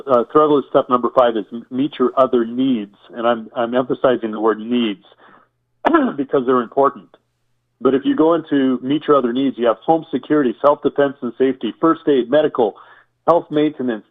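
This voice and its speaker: A man guest in an interview explaining survival preparedness, listing items and repeating points, asking rhetorical questions. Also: mid-range voice. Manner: enumerating, repetitive, rhetorical questions. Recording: tinny phone-like line.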